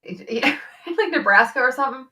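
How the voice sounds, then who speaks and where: A woman physician hosting a casual live-stream chat, talkative and quick to laugh, with lots of fillers. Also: high-pitched, lively intonation, recorded from a distance, crowd noise. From western New York. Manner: chatty, laughs often, many fillers. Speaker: physician host.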